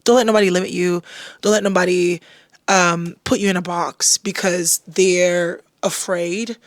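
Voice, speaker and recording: A young adult woman hosting a podcast, giving a casual motivational talk that breaks into loud, excited bursts. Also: on the low side, a little slow, dry recording, clean studio sound. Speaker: podcast host.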